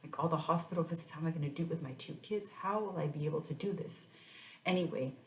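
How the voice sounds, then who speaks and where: A woman's voice: sits low, fast. A woman in her thirties, a mother telling her own story in a casual, rambling way with many restarts. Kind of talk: casual personal vlog. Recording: echoey room.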